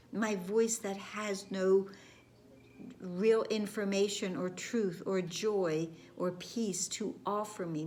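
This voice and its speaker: A woman giving a reflective spiritual lesson, speaking gently with repeated phrases and some words dropped to a whisper. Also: medium pitch, a little hiss or hum. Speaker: spiritual course teacher.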